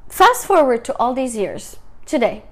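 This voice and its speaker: A woman's voice: a little high, big pitch swings, unhurried, a bit bright. Earnest woman telling her story. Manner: earnest, emotional, emphatic storytelling. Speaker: author and teacher sharing her story. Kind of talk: personal testimony talk.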